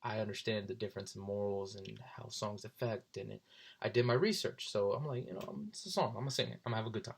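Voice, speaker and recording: A young man in his twenties, casually telling stories, often jumping into high voices for people he quotes. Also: fast talker, creaky, breathy edge. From South Jersey. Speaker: vlogger. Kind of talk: casual storytelling.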